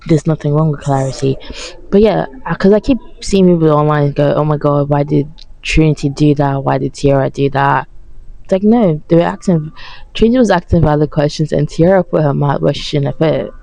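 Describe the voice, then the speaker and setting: A woman's voice: deep voice, creaky, warm tone, poor audio. A young woman ranting sarcastically about a reality show, swearing as she talks and sounding tired. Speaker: vlogger reacting to a reality show. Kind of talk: casual reaction rant.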